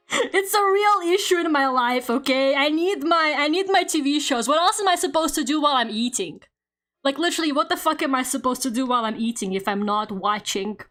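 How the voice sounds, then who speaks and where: A female VTuber with a high, light voice chats casually with her stream audience while drawing. She rambles from thought to thought, laughs a lot and swears freely, with a faint video game soundtrack playing quietly underneath.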